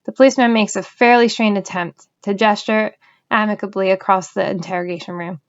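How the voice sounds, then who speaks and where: A woman's voice: mid-range voice, fairly quick, smooth, lo-fi sound. Woman reading a novel aloud. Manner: even, storytelling narration. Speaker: audiobook reader.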